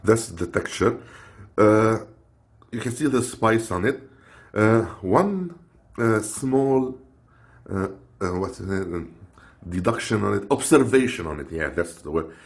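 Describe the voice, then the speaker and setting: A man's voice: lowish voice, expressive, unhurried, pauses often. A man from Lebanon, rambling and joking through a casual snack review and stopping to hunt for words. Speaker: unboxing vlogger. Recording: roomy echo with faint noise.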